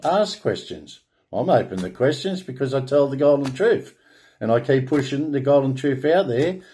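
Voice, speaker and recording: An Australian man delivering a rambling solo monologue, halting and restarting words, then declaring his points in grand, proclaiming tones. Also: medium pitch, lively intonation, dark tone. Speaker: online spiritual speaker.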